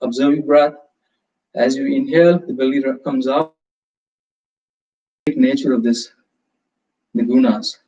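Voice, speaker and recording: A man leading a live yoga class, giving calm, slow, step-by-step cues with prompts to breathe. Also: mid-range voice. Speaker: yoga instructor. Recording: roomy, distant, slightly dull sound.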